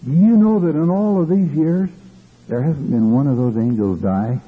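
A man's voice: on the high side, moderate pace, husky. A man preaching a fervent sermon, stopping often for hallelujahs and restarting his phrases. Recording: tinny lo-fi old recording.

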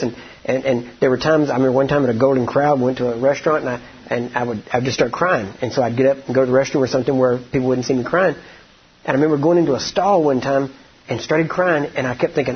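A man's voice: medium pitch, steady tone, fast, husky, muffled recording. A man preaching a conversational sermon, often asking the congregation for agreement.

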